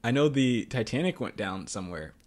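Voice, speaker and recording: A man co-hosting a podcast in casual chat, playful and quick to laugh. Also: medium pitch, expressive. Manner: playful, laughs often, jumps into bits. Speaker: podcast co-host.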